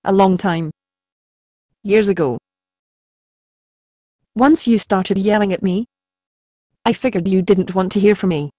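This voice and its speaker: An actor playing a patient, gently wry conscience spirit who sounds a little hurt, in an amateur stage drama. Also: mid-range voice, unhurried, pauses often, no echo, close to an everyday voice.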